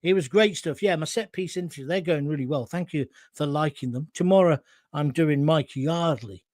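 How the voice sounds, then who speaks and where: A man's voice: fairly high pitch, moderate pace, darkish tone, no room sound. A man hosting a live talk show, reading out viewer comments and rambling through anecdotes on a close mic. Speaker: host.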